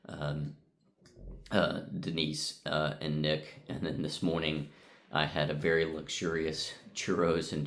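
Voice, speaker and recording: A middle-aged man with an extremely deep voice talks casually from a hotel room. He rambles through his thoughts with plenty of ums and uhs, and his pitch stays flat and level. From United States. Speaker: vlogger. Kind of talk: casual vlog recap.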